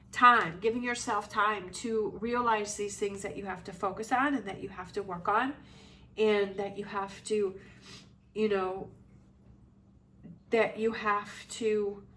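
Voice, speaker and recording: Pushed and bright in a mid-range voice, this woman delivers a casual tarot reading monologue, reflective and reassuring, wandering along with plenty of fillers. Faint noise and a somewhat distant mic color the recording.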